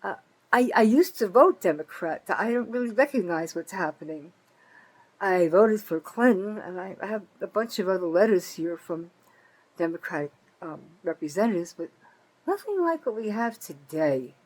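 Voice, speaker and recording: An expressive older woman from North Jersey, USA, talks at a moderate pace in an angry political rant to camera, though the audio is poor. This vlogger is bitter and profane, swinging from loud outbursts to low muttering.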